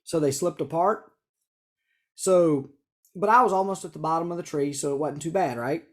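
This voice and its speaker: A man, a guest telling an animated hunting story and acting out the dialogue. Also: fairly high pitch, moderate pace. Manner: animated, laughing storyteller who acts out dialogue. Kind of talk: casual storytelling chat.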